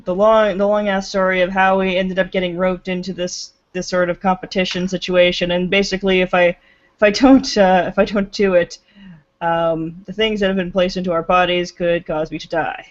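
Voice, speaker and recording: Halting, giggly player, dull lo-fi mic. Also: medium pitch, level tone. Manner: halting, giggly, with many restarts. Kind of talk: role-playing a character at the table.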